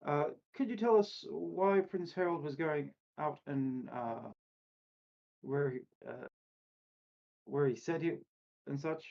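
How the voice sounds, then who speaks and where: A man's voice: on the high side, slow pace, gravelly, long pauses, muffled recording. A man playing a tabletop game, speaking hesitantly and correcting himself. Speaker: player. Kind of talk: casual tabletop play.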